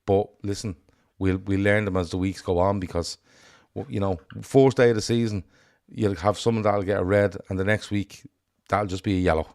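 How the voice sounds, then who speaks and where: A man with an Irish accent co-hosting a casual football chat, blunt and sweary in an animated rant. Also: lowish voice, moderate pace. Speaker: podcast co-host.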